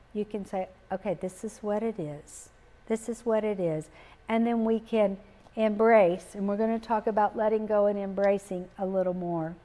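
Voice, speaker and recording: A middle-aged woman, giving a gentle, reflective talk on grief, pausing often and repeating key phrases. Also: fairly high pitch. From Texas. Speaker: speaker on grief. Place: live talk in a community setting.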